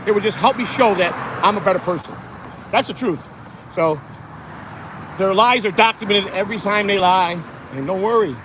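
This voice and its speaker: A man's voice: high-pitched, moderate pace. A man ranting angrily and profanely on a phone livestream while standing outdoors in the hot sun. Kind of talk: livestream rant. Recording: outdoor phone stream with traffic noise.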